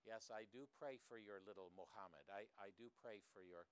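A preacher quoting a gentle frail old lady. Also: on the low side, fairly quick, clean tone, lightly acted. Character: frail kindly old woman missionary.

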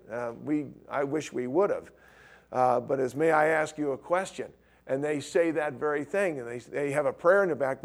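Middle-aged male Bible teacher, slightly raised pitch, conversational delivery with repetition. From California. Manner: conversational, repeats key points, restarts phrases. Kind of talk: sermon-style Bible teaching.

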